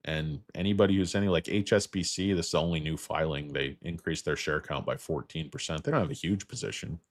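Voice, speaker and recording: A man with an extremely low voice, hoarse and fading as he comes down with something. He hosts a loose stock livestream in crude, rambling chatter aimed at his viewers. The sound is dry and close, with no room echo. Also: quick pace. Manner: rambling, crude, joking asides. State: losing his voice, feeling sick. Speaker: stock market livestream host. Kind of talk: casual livestream chat with viewers.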